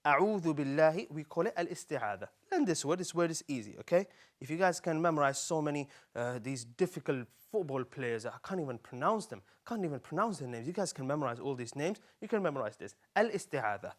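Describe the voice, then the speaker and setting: A man hosting a live children's Quran lesson, speaking in an animated and coaxing way and repeating words slowly for young learners. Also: fairly high pitch. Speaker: Quran teacher.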